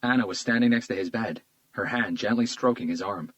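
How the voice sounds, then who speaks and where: Male audiobook narrator, measured read, low voice, dry close mic. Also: fairly bright tone, no echo, low-quality recording. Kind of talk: scripted narration.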